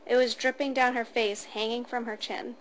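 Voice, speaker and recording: A woman's voice: a little high, little pitch movement, normal speed, slight background noise. Woman narrating a first-person story.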